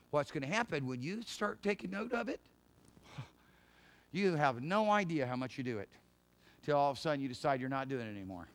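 A middle-aged pastor preaches in an emphatic yet conversational style, laughing and tossing in quick asides. His voice is on the high side with lively intonation.

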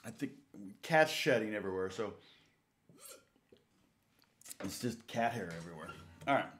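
A man's voice: lowish voice, lively intonation, fairly quick, fairly bright tone. Chatty man teaching guitar live. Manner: rambling, chatty, counts beats aloud. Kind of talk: casual live guitar lesson. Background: guitar playing between talk.

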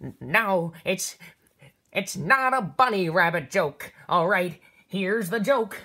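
A smug little bird lady, as a woman plays her, dragging out her joke with drawn-out words. Her voice is low and husky, in a homemade pet puppet skit. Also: expressive, fairly bright tone, full character voice. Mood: smug, teasing. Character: female pet bird, corny joke teller.

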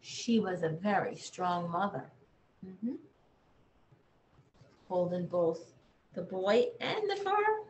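A woman librarian reading a bedtime picture book aloud, gently talking to young children in an echoey room. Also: fairly low pitch, big pitch swings, slow, long pauses, slight background noise. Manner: gentle, sing-song, talks to children.

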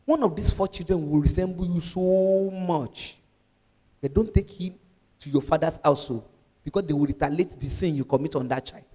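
A woman with a Nigerian accent voicing a solemn male fortune-teller who warns of doom in a low, hushed voice. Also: moderate pace, slightly rough, long reverb tail. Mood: ominous.

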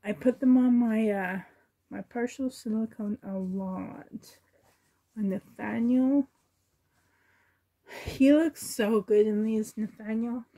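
Husky woman vlogger, slow and mellow, chatty and sentimental going through clothes. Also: on the high side. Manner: chatty, sentimental, talks to herself, laughs softly. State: emotional, choked up. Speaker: reborn doll collector vlogger. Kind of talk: casual chat while sorting clothes.

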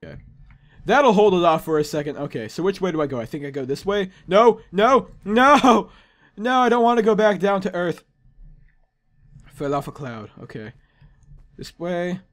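A young man with a dry, strained throat giving excitable, playful let's play commentary, often yelping and laughing. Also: fairly high pitch, moderate pace, pauses often. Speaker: gaming YouTuber.

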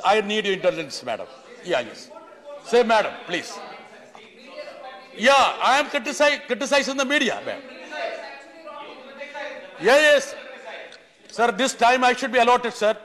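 A middle-aged Indian MP delivers an impassioned parliamentary speech in a large legislative chamber with long, echoing reverb. His high, a bit bright voice swings widely in pitch at a measured pace with frequent pauses, and in Indian English he keeps pleading "sir" and builds rhetorical lists.

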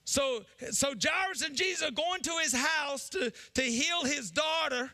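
Pastor guy preaching loud, high bright gravelly voice, goes from shouting to low. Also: lively intonation, moderate pace, few pauses. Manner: preaching in bursts, shouting and then dropping low; acts out the people in the story in their voices. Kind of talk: sermon.

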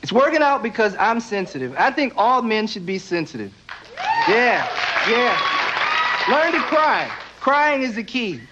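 A young man doing stand-up comedy with wry, deadpan asides, acting out the people he talks about. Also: very high voice, measured pace. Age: young adult. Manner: wry, deadpan asides, acts out quoted characters. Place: stage before a live audience. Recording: dull lo-fi TV broadcast, loud crowd and noise.

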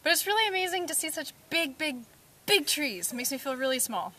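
A woman's voice: sits high, lively intonation, fairly quick, far from the mic. A woman co-hosting a casual travel vlog outdoors in a redwood forest, with a playful, bubbly way of talking. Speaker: vlog co-host. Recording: loud outdoor noise with birdsong.

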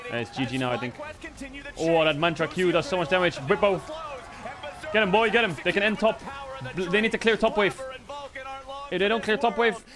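A man streaming a match, reacting with excited commentary, swearing and laughing often. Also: sits high, a little fast, long pauses, music in the background.

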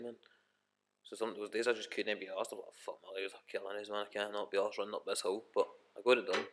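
Fast-talking sweary Scottish young man. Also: on the low side. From Scotland. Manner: sweary, rambling, many restarts. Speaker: rapper guest. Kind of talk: casual podcast chat.

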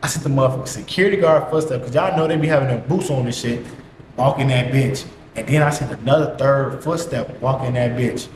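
A young man telling a story in a casual, slangy, profane monologue full of repeated catchphrases. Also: mid-range voice. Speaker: vlogger. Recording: echoey room, faint hiss.

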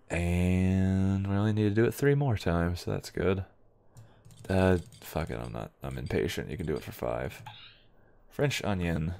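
A man's voice: deep voice, vocal fry, a little mellow. A young man giving offhand, wry let's-play commentary as he plays a game, muttering remarks to himself. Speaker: gaming video host.

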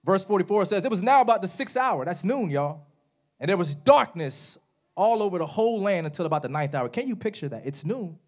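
A man delivering a sermon in a church sanctuary, his high voice swooping through a wide range. He drops soft at the ends of phrases and builds to shouts at the peaks. He talks casually to the congregation and has them repeat words back to him. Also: fairly quick. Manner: animated preaching, calls on the congregation to repeat words; casual, says "y'all" and "right?". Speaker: preacher.

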